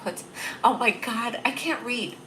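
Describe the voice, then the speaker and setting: A woman's voice: on the high side, measured pace, background noise. A young woman hosting a casual livestream, bubbly and rambling, laughing at her own jokes. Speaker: livestream host.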